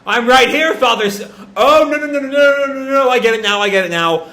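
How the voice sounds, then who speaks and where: A man voicing a young man who is turning into a demon and begs for his father's attention, in a frantic, loud way. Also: on the high side, normal speed. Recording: echoey room.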